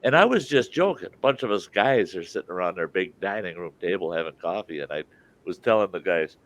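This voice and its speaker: A man's voice: low-pitched, fairly quick. A man hosting a live stream, telling a folksy anecdote and laughing through it. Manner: laughs through his own story, drawls. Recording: dull lo-fi stream audio.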